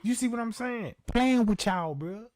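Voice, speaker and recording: Laid-back streamer, animated pitch, dry close mic. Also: male voice, measured pace, no echo. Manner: loose, frustrated, addresses chat as bro. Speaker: livestream host. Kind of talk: casual livestream chat.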